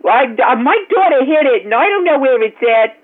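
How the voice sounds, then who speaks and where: Woman playing a cursing, yelling frazzled mom. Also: high-pitched, lively intonation, a little fast. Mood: scolding. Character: foul-mouthed frazzled young mother. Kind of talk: prank phone call. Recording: tinny noisy phone line.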